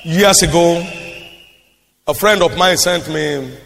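A man preaching a sermon, repeating his lines emphatically and building to shouted declarations. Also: on the high side, slow, vocal fry, background noise. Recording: reverberant hall.

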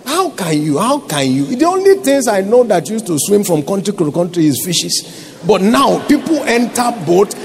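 A Nigerian pastor preaches in a high, ringing voice and keeps asking his congregation whether they follow him. A faint hum of background noise sits under his words. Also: very animated, normal speed. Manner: preaching with rhetorical questions to the congregation. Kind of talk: sermon.

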